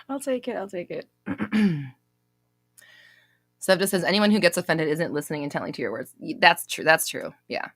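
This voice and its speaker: A woman's voice: lowish voice, sing-song, normal speed, pauses often, a bit bright, breathy edge. A young woman hosting a live Q&A stream, casually reading out viewer comments, blunt and swearing freely, laughing often as she scolds.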